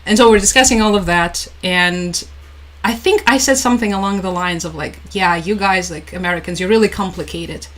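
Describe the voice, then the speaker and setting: In a rough recording, a young woman with a fairly low-pitched voice talks fairly quickly while hosting a casual live stream. She's chatty and laughs a lot, reading out comments from her viewers.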